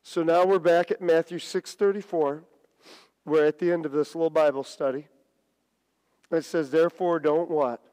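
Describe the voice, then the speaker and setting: Man, middle-aged, preacher, sermon, stammering restarts, slightly high voice, long church reverb. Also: fairly even intonation, normal speed, darkish tone. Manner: storytelling with many restarts and stammers, dramatic swings of pitch. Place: church sanctuary.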